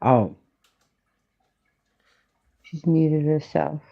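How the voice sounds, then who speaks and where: A woman's voice: deep voice, very slow, vocal fry, muffled recording. A woman joining a casual chat over a call, making short, dry remarks.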